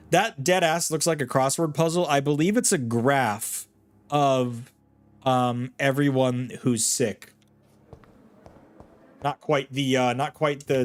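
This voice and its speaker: A man casually commentating a game he is playing, jokey and playful with puns. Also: mid-range voice. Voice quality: jokey, playful, given to puns and silly voices. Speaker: gaming streamer. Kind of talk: casual let's-play commentary.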